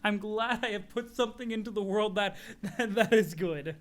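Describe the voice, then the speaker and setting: A man streaming a live reading, excitable and laughing often as he talks to chat. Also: high-pitched, moderate pace.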